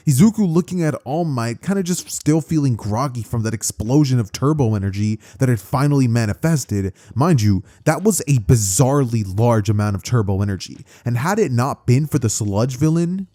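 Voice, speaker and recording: A man's voice: mid-range voice, animated, moderate pace, hardly any pauses, mellow. A man telling a fan-made story in a casual, rambling, conversational way, with plenty of fillers.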